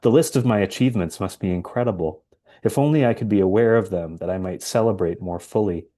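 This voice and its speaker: A man's voice: lowish voice, fast, mellow, close to an everyday voice. A man reading aloud as a self-important man musing grandly on his achievements.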